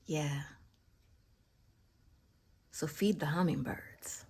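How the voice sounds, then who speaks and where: A woman tells a personal story in a slow, unhurried way. Her voice sits low and husky. She often drops to a whisper for emphasis and drifts into reflective, spiritual musing. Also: dark tone. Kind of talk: casual spoken storytelling.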